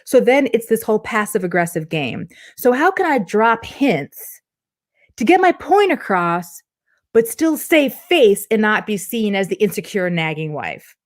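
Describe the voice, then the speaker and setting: A middle-aged woman relationship coach answering interview questions in a lively way, acting out her clients' voices as she tells stories. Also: medium pitch. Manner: animated, acts out quoted clients in different voices.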